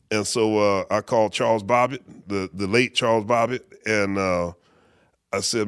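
A middle-aged man, a bass player, casually telling an anecdote in an interview, acting out quotes with many fillers. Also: steady tone, moderate pace, clear, resonant tone, no room sound, studio quality. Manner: laid-back storyteller who acts out quotes, many fillers. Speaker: guest musician, bass player.

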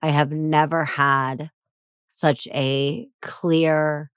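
A woman hosting a podcast, talking frankly and lively with quick asides. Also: sits low, smooth, dry recording, studio quality. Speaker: podcast host. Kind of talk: podcast conversation.

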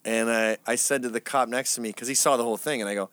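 A man's voice: medium pitch, fast talker, few pauses, no room sound. A man from England, a studio guest telling stories in casual, profane interview chat. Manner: profane, animated storytelling. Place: media studio.

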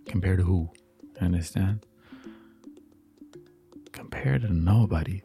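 A man giving a calm, reflective motivational talk, repeating affirmations and sometimes dropping into a soft whisper. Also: deep voice, slow, gravelly, soft background music. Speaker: motivational speaker.

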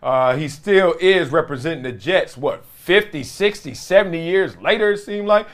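A former football player in the host's chair, talking blunt and slangy with frequent laughs. His voice sits fairly high and swings widely in pitch. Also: expressive, moderate pace. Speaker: podcast host, former pro football player. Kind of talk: sports talk commentary.

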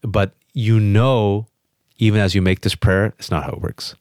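A man as an interview guest, telling a personal story with emphatic, quick restarts. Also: lowish voice, no room sound, studio quality. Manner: emphatic, fast restarts, animated quotes. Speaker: guest on a podcast.

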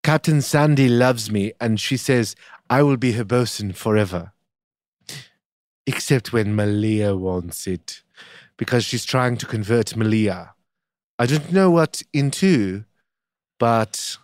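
A man hosting a podcast in casual chat, teasing his co-host with deliberately wrong answers. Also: mid-range voice, darkish tone, no echo, studio quality. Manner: teasing, deliberately obtuse banter.

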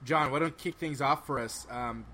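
A man hosting a fan panel, moving things along briskly and cheering on guests. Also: mid-range voice, pushed and bright, slight background noise. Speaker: host. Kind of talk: casual panel moderating.

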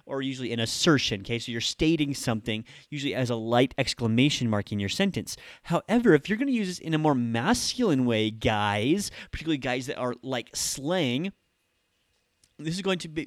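A man's voice: medium pitch, dry recording, clean studio sound. A man hosting a casual Japanese lesson podcast, chatty and upbeat with jokey asides. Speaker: host and Japanese teacher.

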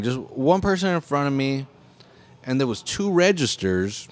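A man's voice: mid-range voice, big pitch swings, moderate pace, dry recording. A young American man in a casual, profane monologue, talking with heavy emphasis. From United States. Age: young adult.

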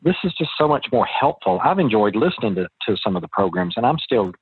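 A man's voice: lowish voice, very animated, fast talker, breathy edge, dry recording. A middle-aged man talking as an interview guest, a chatty, folksy storyteller who often restarts his sentences. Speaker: real estate investor guest. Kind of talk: casual interview talk. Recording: tinny phone line.

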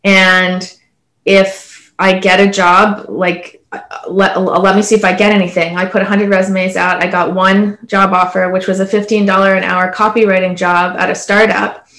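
A woman's voice: medium pitch, flat delivery, moderate pace, fairly bright tone, roomy sound. A woman from Canada in her thirties, a panelist telling her story in an earnest, conversational way with many "like" and "you know" fillers. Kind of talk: casual panel discussion.

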